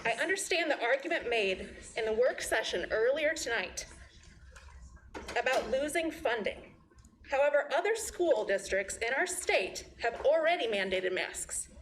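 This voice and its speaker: A woman, a physician and mother, giving a measured, prepared public statement at a board meeting. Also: on the high side, animated, slight background noise, poor audio. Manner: measured, composed, reads prepared remarks. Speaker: physician and parent commenter.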